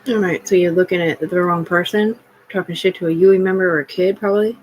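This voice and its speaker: A woman's voice: lowish voice, steady tone, fast, a little mellow, slight background noise, rough recording. Agitated, profane woman livestreaming. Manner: profane, agitated, jumps between topics. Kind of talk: rambling live-stream monologue.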